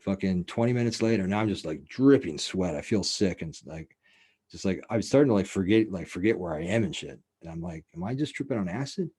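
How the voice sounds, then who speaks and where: A man's voice: sits low, a little fast, warm tone, breathy edge. A man hosting a show, telling a story in a loose, rambling, profane way with lots of fillers. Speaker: show host. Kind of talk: casual storytelling.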